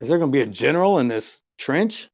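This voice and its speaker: A man's voice: mid-range voice, animated, fast talker, muffled recording. A man playing a character in a tabletop game, casual and joking. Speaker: player.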